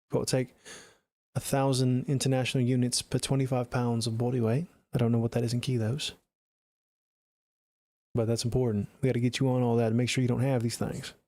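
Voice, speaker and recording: A man's voice: mid-range voice, flat delivery, brisk, dark tone, no room sound. A man streaming live as a music producer, chatting casually and answering his viewers' messages by name. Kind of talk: casual livestream chat.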